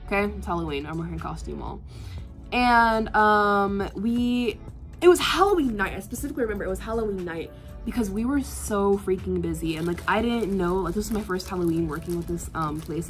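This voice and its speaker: Exasperated but animated, a young woman who runs an art vlog relates a work story in a chatty, casual way. Sighs and fillers punctuate her speech, and her voice sits in the mid range.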